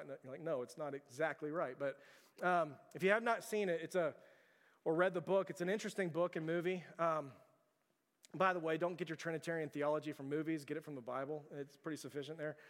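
Man preaching in a reverberant hall. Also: on the high side. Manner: conversational, asks the congregation questions. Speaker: pastor. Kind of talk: sermon. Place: church sanctuary.

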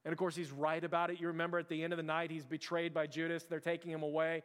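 A man's voice: on the high side, completely flat delivery, fast talker, fairly bright tone, smooth, big-room sound. A man preaching to his church in a casual, chatty sermon, full of "like" and restarts. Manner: chatty, heavy use of "like" and restarts. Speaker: pastor. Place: church sanctuary.

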